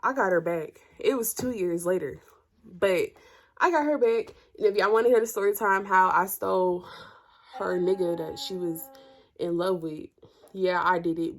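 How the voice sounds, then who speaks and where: A young woman telling a personal story to her viewers in casual chat, blunt and profane, her voice jumping up when she gets heated. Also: on the low side. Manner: animated, voice jumps up when heated.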